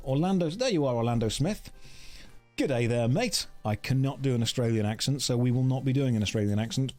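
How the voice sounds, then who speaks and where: A man's voice: medium pitch, darkish tone. A man casually chatting on a game livestream, rambling and joking while reading chat aloud.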